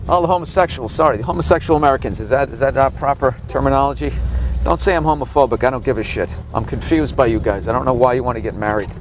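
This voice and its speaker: A man's voice: medium pitch, fast. A man in his forties, a stand-up comedian, slightly sick, ranting sarcastically and profanely while riding in the back of a cab. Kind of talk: ranting tour commentary from a cab. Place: back seat of a cab in city traffic. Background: faint traffic noise.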